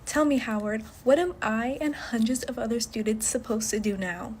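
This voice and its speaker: A woman's voice: fairly high pitch, moderate pace, a little mellow, a little hiss or hum. A young woman, an incoming college student, pleading for answers and rallying her peers in an earnest social-media video. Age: young adult.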